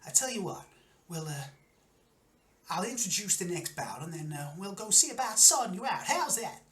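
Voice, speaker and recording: A man voicing a theatrical male carnival arena announcer with booming showman patter. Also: very animated, normal speed, pushed and bright, exaggerated voice. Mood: jovial.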